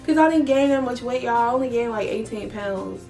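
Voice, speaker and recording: A young woman vlogger, telling her story in a blunt, profane, animated way. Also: on the high side, brisk, faint music behind. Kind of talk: casual storytelling vlog.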